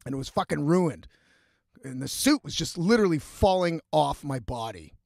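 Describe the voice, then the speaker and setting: A man's voice: on the high side, very animated, moderate pace, vocal fry, a little mellow, dry recording, clean studio sound. A young man telling a rambling, profane party story in a casual vlog, full of restarts. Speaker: vlogger.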